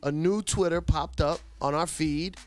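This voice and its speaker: A radio morning show co-host adding relaxed, joking asides in casual banter. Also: mid-range voice, a little slow, faint music behind.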